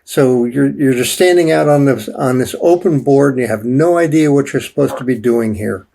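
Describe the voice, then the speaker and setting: An older man tells his story as an interview guest, circling back and restarting his sentences. His voice is dark and mellow with a husky, gravelly texture. He speaks at a slow, deliberate pace. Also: medium pitch. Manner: halting, many restarts and fillers. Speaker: guest telling his near-death story.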